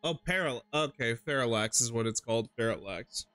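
A man's voice: mid-range voice, expressive, brisk, bright, forceful tone, faint music behind. A man streaming a horror video game, rambling casually, swearing and laughing often. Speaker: gaming streamer. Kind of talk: casual gameplay commentary.

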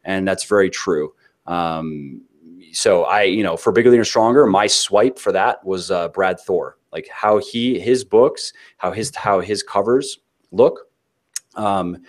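A man's voice: low voice, measured pace. A man giving an interview about his business, talking casually with many restarts and filler words. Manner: rambling, frequent restarts and filler words, acts out quotes; casual, swears now and then. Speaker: interview guest, author and fitness business owner.

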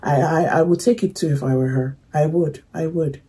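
A young woman casually talking through her reaction to a movie, emotional and soft-spoken, fond with her viewers. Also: sits low, fairly even intonation, moderate pace, breathy edge, poor audio.

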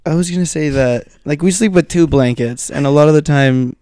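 A man's voice: fairly high pitch, a little fast, mellow. A man guesting on a casual podcast, laid-back and a little hesitant, taking jokes at his own expense with good humor.

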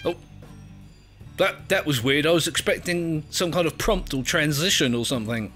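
An English man in let's play mode, chattering away and poking fun at himself as he fumbles through a game. His voice sits a bit high and leaps about in pitch. He laughs easily and reads the prompts out loud. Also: expressive, normal speed, faint music behind. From England. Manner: chatty, self-mocking, laughs often, reads on-screen text aloud. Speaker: gaming video creator.

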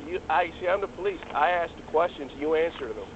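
A male police officer questions a woman on a residential street at night, fast and commanding. His voice sits high for a man. The police video sound is muffled, with faint noise behind it. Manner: commanding, rapid-fire questions. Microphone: police video camera.

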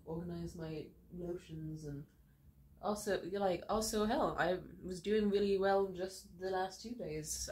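A woman's voice: lowish voice, a little mellow, a little hiss or hum. A young woman vlogging at home, crying happy tears and gushing about her gratitude to her viewers, laughing through it. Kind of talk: emotional direct-to-camera vlog. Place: home room.

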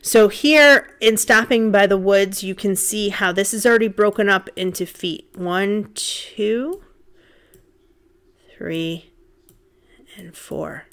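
A woman's voice: mid-range voice, takes it slowly, pauses often, fairly bright tone. A woman teaching a literature class in a recorded lecture, casual and conversational, thinking aloud with frequent ums as she counts out beats. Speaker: literature instructor. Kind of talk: recorded lecture over slides.

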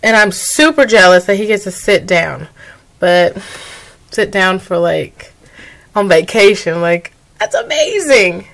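A woman's voice: medium pitch, lively intonation, a little slow, fairly bright tone. A young adult woman talking through her video diary, weary and emotional, rambling. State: tired. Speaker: vlogger.

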